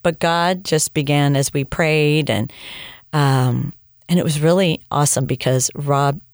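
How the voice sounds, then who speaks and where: Low-voiced woman telling her story. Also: a little slow, dry recording, studio quality. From United States. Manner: animated storyteller, acts out quoted dialogue. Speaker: interview guest. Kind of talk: personal testimony in conversation.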